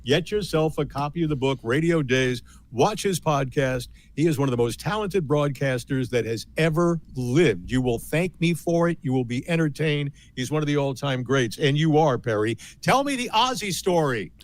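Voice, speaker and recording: A man's voice: fairly high pitch, animated. An older man hosting a talk radio show in a studio, eagerly promoting his guest and prompting stories. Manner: rapid, enthusiastic promoting and prompting.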